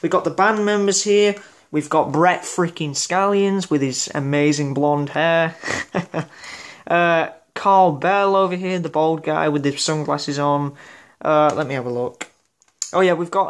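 A man's voice: a little high, a little slow. A man giving a casual album review vlog, enthusiastic and rambling, with lots of fillers and restarts. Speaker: music reviewer.

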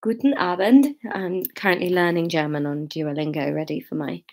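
A woman's voice: lowish voice, normal speed. A woman, chatting casually and self-mockingly on a livestream from her bedroom, greeting viewers by name before reading aloud from her own book. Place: bedroom at home.

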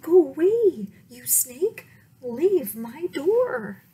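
A fretful square from a picture book frets in a high, fluttering voice, his cries jumping upward, as a woman reading aloud puts him on. He sounds easily rattled and fussy. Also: sing-song, slow, exaggerated voice. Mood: flustered. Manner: high, flustered exclamations.

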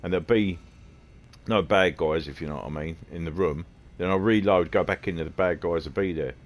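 Rambling Cockney man, deep voice. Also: fairly quick. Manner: rambling, chatty, mutters to himself. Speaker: gaming streamer. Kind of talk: casual gameplay commentary. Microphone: headphones on, streaming setup.

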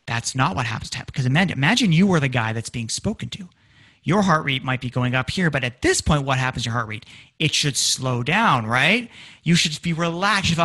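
Animated man lecturing on music. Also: mid-range voice, fairly quick. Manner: animated, acts out lyrics in dramatic voices. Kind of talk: public lecture. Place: community presentation room.

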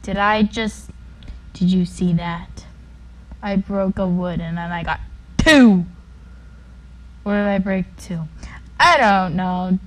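A woman giving casual, playful commentary while playing a video game. She jumps between loud outbursts and mumbled asides. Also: medium pitch, slow pace, pauses often, poor audio. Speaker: gaming YouTuber. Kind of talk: casual let's-play commentary.

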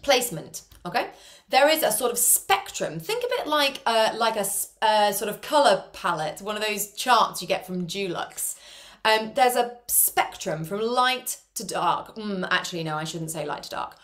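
A woman's voice: mid-range voice, animated, moderate pace, fairly bright tone. A woman leading an online singing class from home over a video call, chatty and encouraging. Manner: encouraging, chatty, demonstrates sounds. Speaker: choir singing teacher. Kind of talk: online vocal warm-up lesson.

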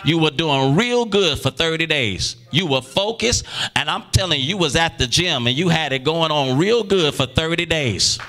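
A man preaching a sermon as pastor in a church, calling on the congregation to answer back and rising into shouts. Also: on the high side, lively intonation, moderate pace. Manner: preaching with call-and-response, bursts into shouting. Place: church sanctuary.

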